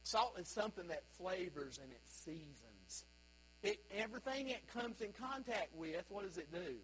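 A man's voice: high-pitched, expressive, moderate pace, a bit bright, slight background noise, low-quality recording. A man preaching a sermon as pastor, emphatic and full of rhetorical questions.

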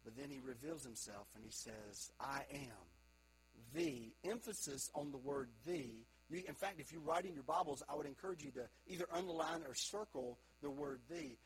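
A man preaching a sermon to a congregation, moving between quiet reflective stretches and loud emphatic calls to young people. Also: medium pitch, normal speed, hardly any pauses, breathy edge, poor audio. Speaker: pastor.

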